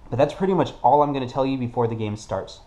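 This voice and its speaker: Mellow-voiced man explaining a board game. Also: medium pitch, fast talker. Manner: thinks aloud, casual and explanatory, corrects himself. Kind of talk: solo tabletop playthrough, explaining rules.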